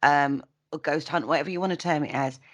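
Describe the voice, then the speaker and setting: A woman's voice: low-pitched, a little fast. A woman hosting a podcast from a studio, chatting and affirming her guest in a casual interview. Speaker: podcast host.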